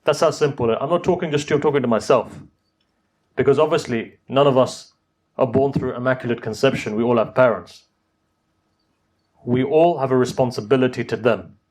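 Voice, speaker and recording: A Muslim preacher delivers a sermon in a medium-pitched, darkish voice, speaking briskly but with long pauses. He tells stories and presses his points, building to emphatic exhortation.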